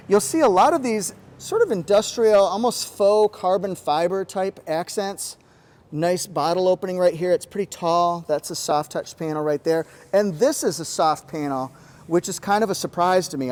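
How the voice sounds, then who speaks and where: Male car reviewer, casual and quirky, fairly high voice, lapel mic inside a car. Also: darkish tone. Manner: chatty, quirky, jokey asides. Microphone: lapel mic pack.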